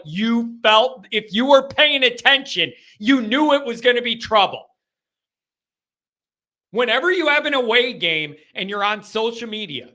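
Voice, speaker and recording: Bright-voiced man hosting a sports call-in. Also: sits high. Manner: animated and mocking, with sudden swings in delivery. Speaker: host of a sports call-in show. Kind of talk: live call-in sports talk.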